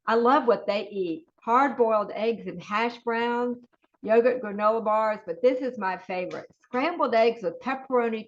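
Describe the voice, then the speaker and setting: A woman's voice: mid-range voice, lo-fi sound. A woman with a Southern US accent presenting a webinar, walking through menu items with chatty, enthusiastic asides. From Southern United States. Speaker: webinar presenter, school nutrition.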